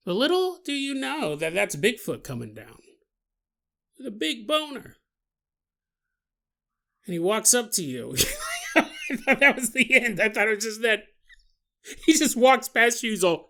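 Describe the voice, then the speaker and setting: Animated, bright-voiced male podcast host. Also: high voice, a little slow, long pauses. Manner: animated, laughs often, acts out silly scenarios. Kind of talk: comedic podcast monologue.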